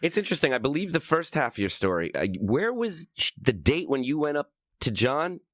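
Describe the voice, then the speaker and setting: A man's voice: fairly high pitch, big pitch swings, a little fast, a bit bright, dry recording. A man co-hosting a podcast, chiming in with dry, wry quips and reasoning. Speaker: podcast co-host. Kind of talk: casual podcast chat.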